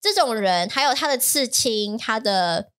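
Taiwanese female co-host, bright tone, lively bilingual chat. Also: a little high, a little slow. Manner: animated, mixes Mandarin and English. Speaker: podcast co-host.

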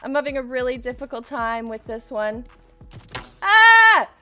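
A young woman doing casual commentary while playing a shooter game, excitable and screaming often, laughing and swearing between calmer stretches. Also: a little high, fairly quick, faint music behind. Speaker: gaming streamer.

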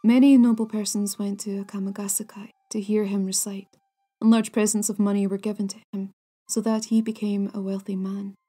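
A woman hosting a folklore podcast, narrating a ghost story in a hushed, half-whispered, deliberate way. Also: medium pitch, flat delivery, husky. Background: soft music.

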